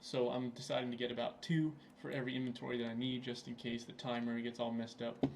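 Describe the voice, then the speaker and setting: Talking fast and flat in a mid-range voice, this young gaming channel host rambles casually over his gameplay, using lots of fillers. He's recording at his computer, and a slight hiss or hum comes through.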